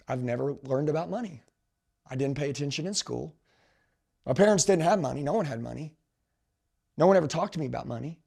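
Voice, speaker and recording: Intense gravelly male sales coach. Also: fast, long pauses. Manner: intense, emphatic, swings from loud to low. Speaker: sales trainer. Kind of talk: motivational storytelling.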